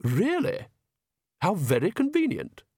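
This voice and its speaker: A man's voice: high-pitched, huge pitch swings, a little slow, darkish tone, slightly rough, no echo, clean studio sound, pitched above the performer's own voice, full character voice. A man voicing a sullen, scornful teenage vampire girl in an audiobook. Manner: sullen, disdainful.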